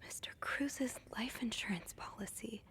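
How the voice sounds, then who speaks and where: A woman softly voices a jittery young maid in whispered role-play, breathy and hushed, a little gravelly at the edges. The voice sits fairly high and is set back from the mic. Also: moderate pace, lightly acted. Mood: uneasy. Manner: hushed, unvoiced whisper, voicing a game heroine's thoughts.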